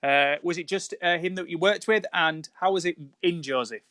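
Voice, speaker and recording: A man's voice: a little high, normal speed, sharp tone, dry recording. A man hosting a casual live video interview, reading out viewer questions in a friendly way. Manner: friendly, reads out viewer questions, laughs along. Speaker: interview host.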